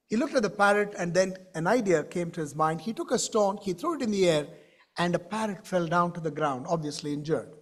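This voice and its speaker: A man telling a story to a conference audience in an animated way, with questions to the crowd. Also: sits high, fairly quick. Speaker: keynote speaker. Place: conference stage.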